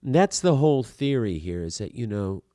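A man's voice: on the low side, sing-song, normal speed, dark tone, dry recording, studio quality. A man talking through acting technique in an earnest, rambling way, full of fillers and restarts. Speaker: acting coach. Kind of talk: conversational teaching talk.

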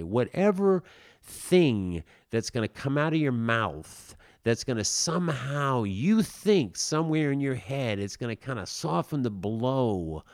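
A podcast host gives acting advice in a casual, wry monologue, blunt and emphatic, with occasional swearing. His fairly low voice has a darkish tone, captured on a dry, close mic with no room sound or echo.

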